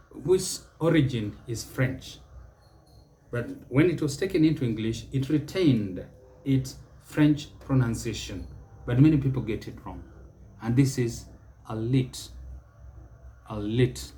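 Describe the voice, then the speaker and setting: Male teacher with a Kenyan accent, mid pitch, mellow and unhurried, drills each word over and over. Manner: slow, deliberate, repeats each word several times. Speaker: pronunciation teacher. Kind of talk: English pronunciation lesson.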